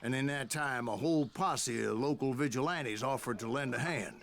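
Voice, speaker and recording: An actor playing a gruff older cowboy bounty hunter narrating his story, in a slow measured drawl. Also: medium pitch, music in the background, lightly acted. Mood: grim. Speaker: game narrator.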